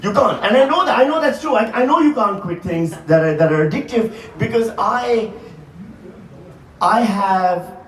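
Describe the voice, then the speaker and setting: A man in his forties doing profane, animated stand-up comedy before a live audience. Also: high voice, slight background noise. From Pakistan. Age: 40s. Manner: animated, profane, quick asides to the crowd. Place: large hall, live audience. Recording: roomy live hall, mic from a distance, crowd laughter. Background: audience laughter.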